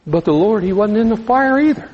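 A man preaching a sermon in a conversational, folksy style, dropping softer for emphasis. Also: high-pitched, animated, a little fast, breathy edge, muffled recording.

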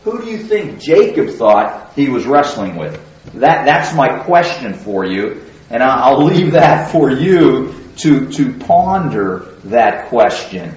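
Questioning preacher in an echoey hall. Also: male voice, medium pitch, big pitch swings, slow, a little mellow. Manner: conversational teaching, asks the listeners questions. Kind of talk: sermon. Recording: very echoey hall, distant mic, dull sound.

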